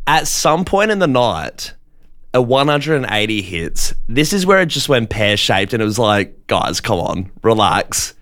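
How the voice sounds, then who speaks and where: Laughing radio host storyteller. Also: male voice, mid-range voice, normal speed. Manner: animated storytelling with frequent laughs. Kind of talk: casual on-air banter.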